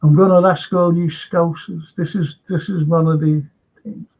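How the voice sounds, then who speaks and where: Gravelly older Liverpool man rambling. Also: a little high, little pitch movement, normal speed, a little mellow. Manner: rambling, chatty, greets viewers and reads chat comments. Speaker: live stream current affairs host. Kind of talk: casual live-stream chat. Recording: dull lo-fi stream audio.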